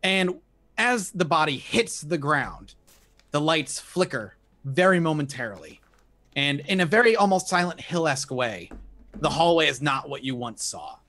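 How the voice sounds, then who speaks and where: High-voiced man narrating as game master. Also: sing-song, pushed and bright. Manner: descriptive narration with fillers, slowing for atmosphere. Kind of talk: narrating a tabletop horror game.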